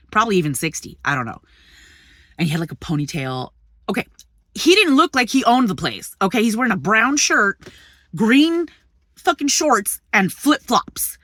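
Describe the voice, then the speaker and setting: Animated woman ranting in a truck. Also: mid-range voice, no echo, clean studio sound. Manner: animated, indignant retelling with profanity. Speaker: vlogger. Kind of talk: casual storytelling vlog. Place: inside a parked truck.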